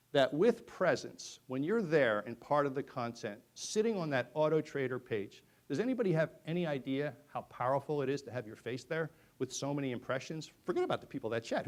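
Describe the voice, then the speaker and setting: Animated middle-aged man giving a talk. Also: mid-range voice. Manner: animated storyteller, swings from loud to hushed. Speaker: conference speaker. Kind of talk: presentation to an audience.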